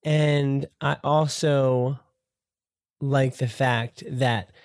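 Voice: mid-range voice, steady tone, drawn-out words, no room sound, studio quality. Eager voice in a casual book chat.

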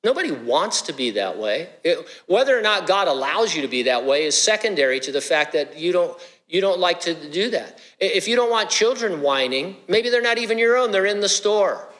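A man's voice: sits high, very animated, fairly quick, few pauses, a bit bright. A middle-aged man preaching a sermon, conversational and joking, with asides to the congregation. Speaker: pastor. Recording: long hall reverb.

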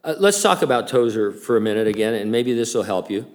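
A man's voice: on the low side, animated, fast talker. Chatty older male pastor, casual sermon. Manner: chatty and informal, with many fillers and restarts.

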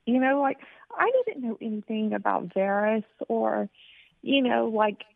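A woman in her forties, a healthcare worker guest, speaking in an earnest, halting way on a phone line. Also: a little high, gravelly, no room sound. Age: 40s. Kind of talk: interview.

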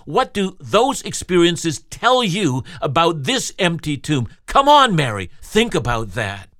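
A male Bible teacher delivers a radio sermon with an animated, rising-and-falling delivery. His pitch sits a touch above the usual male range. The recording is dry and close, with no room sound. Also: dry recording. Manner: expressive, rhetorical preaching with direct address to listeners.

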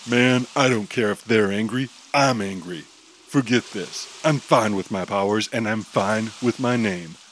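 A stubborn, proud young superhero, played by a man. He talks back defiantly in a slightly lowered voice. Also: unhurried, a bit bright, slight background noise, low-quality recording. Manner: defiant, indignant.

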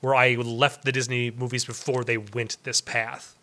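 A man's voice: mid-range voice, flat delivery, normal speed, pushed and bright. A man co-hosting a movie podcast in casual chat, rambling with lots of restarts and easy laughs. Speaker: podcast co-host.

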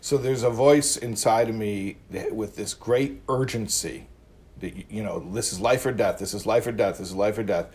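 A man's voice: on the low side, moderate pace, a little mellow. A man hosting an interview, asking probing questions and rephrasing the guest's ideas.

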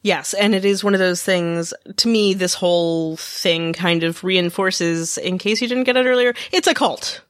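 A woman's voice: lowish voice, no echo, clean studio sound. A woman co-hosting a podcast, chatting casually and bluntly about a TV episode. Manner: blunt, emphatic, quick asides. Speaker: podcast co-host. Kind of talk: casual TV recap chat.

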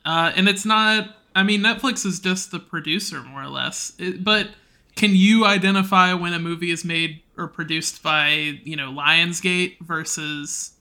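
A man's voice: sits high, fairly even intonation, a little slow, bright, forceful tone. A man co-hosting a casual podcast chat, playful and giggly. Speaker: podcast co-host.

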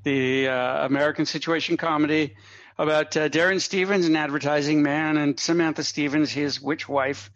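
A man telling a long anecdote as a guest on a podcast, a lively raconteur who drops in asides and chuckles. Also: fairly high pitch, normal speed, no room sound. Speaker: guest comedy writer. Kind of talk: anecdotal storytelling in a podcast interview. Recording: dull, slightly lo-fi dry audio.

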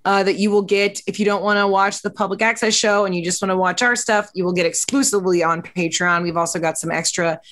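A woman hosting a casual comedic talk show, animated and quick, often laughing through her asides. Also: mid-range voice. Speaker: show host.

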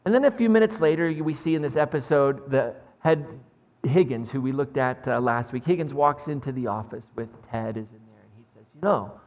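In a reverberant church sanctuary, a man delivers a sermon as pastor in a medium-pitched, slightly mellow voice that's lively and fairly quick. His style is conversational, peppered with "like" and "right?", and he jokes with the congregation.

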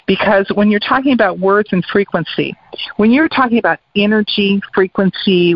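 Woman guest, earnest explainer, mid pitch, dry close sound, dull lo-fi audio. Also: no echo. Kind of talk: casual chat. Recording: dry, muffled radio audio.

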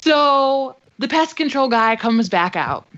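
A woman's voice: high voice, animated, slow, a bit bright. A young adult woman co-hosting a podcast, telling a dramatic, profane story in casual chat. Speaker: podcast co-host. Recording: slightly dull lo-fi sound.

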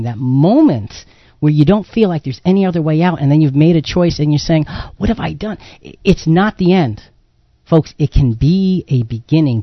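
A man's voice: a little high, no echo. A man co-hosting a talk radio show speaks earnestly and turns to the listeners directly. His voice sounds slightly dull and dry. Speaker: radio co-host.

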